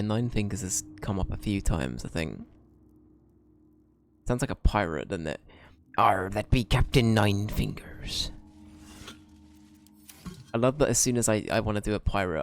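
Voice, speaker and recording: A man's voice: low-pitched, creaky, slight background noise. A man streaming a video game, chatting in a laid-back, rambling way and swearing freely. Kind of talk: casual gameplay commentary.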